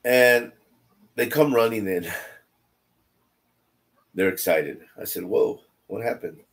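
A middle-aged man telling family stories while teaching a Bible study, animated and repeating phrases for emphasis. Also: on the low side, slow. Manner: animated, repeats phrases for emphasis, jumps between quiet asides and loud quoted lines. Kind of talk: casual storytelling in a Bible study.

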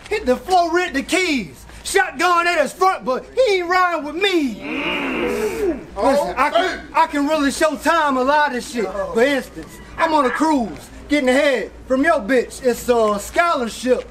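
A man from South Carolina performing in a rap battle, boastful and aggressive, breaking into shouts and hype ad-libs. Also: extremely high pitch. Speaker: battle rapper. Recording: noisy live event with crowd ambience.

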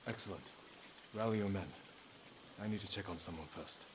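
A man plays a resolute young samurai lord in a video game, speaking in a deep, low voice with a steady, commanding manner. A clear hiss of noise sits under his lines. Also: moderate pace, close to an everyday voice.

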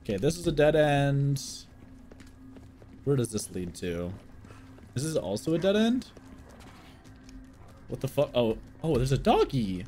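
A man's voice: medium pitch, measured pace, long pauses, faint music behind. A young man casually commentating his gameplay for chat, joking and swearing often. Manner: excitable, jokey, swears a lot, talks to chat. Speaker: streamer.

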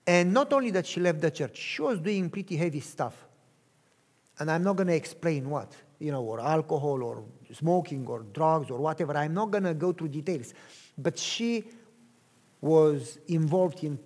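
A male pastor telling a personal testimony in a sermon, speaking earnestly in short, measured phrases. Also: a little high, darkish tone, breathy edge.

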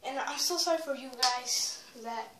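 A woman's voice: high voice, moderate pace. A teenage girl vlogging a prank on a handheld device, rambling and restarting her sentences. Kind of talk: casual prank vlog. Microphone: phone or tablet held in hand. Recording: echoey room with background noise.

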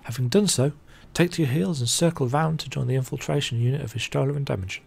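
A man's voice: medium pitch, quick pace, vocal fry, darkish tone, slightly rough. A man reading the formal lines of an earnest young scholar laying out a battle plan in a game. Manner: formal read-out game dialogue.

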